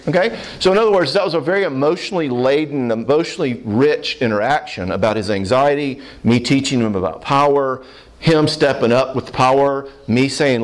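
A man's voice: medium pitch, fairly quick. A middle-aged man answering audience questions in a casual seminar talk, telling stories and acting out the people in them. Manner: animated storyteller who acts out the people he quotes.

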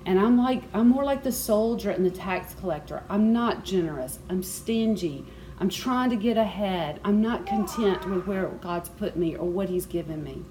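A woman's voice: mid-range voice, lively intonation, moderate pace, low-quality recording. Lady teaching bible study, chatty and personal, bit of room noise behind. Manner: warm conversational teaching with personal asides.

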